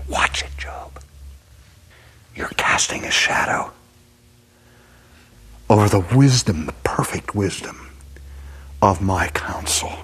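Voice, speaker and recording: A preacher putting on God, stern and commanding. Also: male voice, lowish voice, breathy edge, heavily acted. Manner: commanding, rebuking, rhetorical questioning. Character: God, stern all-powerful male voice.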